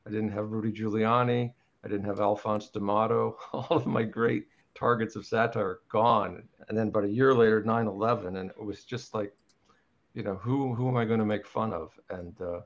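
A man's voice: on the low side, steady tone, moderate pace. A man, a guest cartoonist, telling an anecdote dryly with small laughs, heard over dull, lo-fi call audio. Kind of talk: casual panel chat, anecdote.

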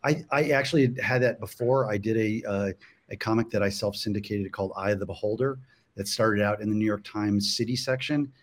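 A man with a lowish voice talks about his work in a steady, reflective way. He is a guest on a casual interview show. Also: brisk. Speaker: cartoonist guest.

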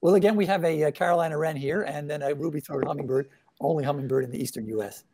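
A man's voice: fairly high pitch, fast talker, a little mellow, dry recording. A man, a cartoonist guest chatting in an interview, hesitant with many fillers and restarts. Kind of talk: casual interview chat.

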